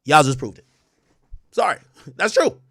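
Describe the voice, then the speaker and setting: A livestream host from Jamaica rants at full volume, his voice high and swinging wildly up and down. The tone is bright and forceful, and the dry, close mic keeps every shout and mutter right in your ear. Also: very animated, unhurried, creaky, husky, dry recording. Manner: loud, profane, swings from shouting to low mutters. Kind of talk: animated livestream rant.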